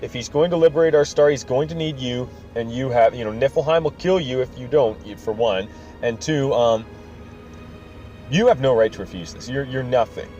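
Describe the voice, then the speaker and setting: A man's voice: medium pitch, moderate pace, warm tone, soft background music. A man hosting a podcast, recapping a story casually with rambling, self-correcting asides, on a slightly dull recording with faint noise. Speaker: podcast host.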